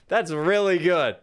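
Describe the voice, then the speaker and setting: A man hosting a casual live reaction stream, talking in jokey, animated asides over the song he is playing. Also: sits high. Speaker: livestream music reactor.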